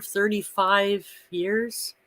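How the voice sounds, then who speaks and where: A woman's voice: mid-range voice, drawn-out words, dry recording. Blunt, foul-mouthed woman in her fifties. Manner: blunt, swears freely, animated storytelling. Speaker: co-host of a live watch party stream. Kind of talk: casual chat.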